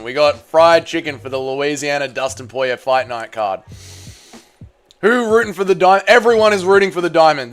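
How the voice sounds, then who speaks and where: A man's voice: medium pitch, smooth. A man hosting a casual fight watch-party stream, reading chat messages and bantering crudely while eating. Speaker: livestream host.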